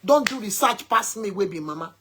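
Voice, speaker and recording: A woman's voice: medium pitch, animated, fairly quick, over music. A woman telling an emphatic story, quoting her son at length as she talks to her followers. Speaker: mother sharing a story. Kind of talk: casual talk to followers.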